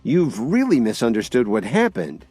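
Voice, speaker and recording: A man's voice: medium pitch, wildly swooping pitch, normal speed, mellow, slightly rough, faint music behind, pitched above the performer's own voice. A man narrating an audiobook and voicing an exasperated young woman who pleads with her father.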